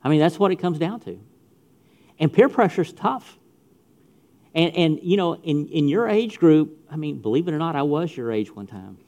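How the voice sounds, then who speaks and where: A middle-aged pastor addresses young people directly in an emphatic sermon full of repeated phrases. His voice sits on the high side, slightly mellow, with lively intonation and a moderate pace.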